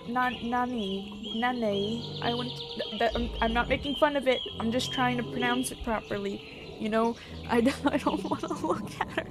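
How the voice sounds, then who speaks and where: High-voiced squeamish woman streamer. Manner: squeamish, repeats words nervously, laughs often. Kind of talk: horror game live-stream reaction. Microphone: headset.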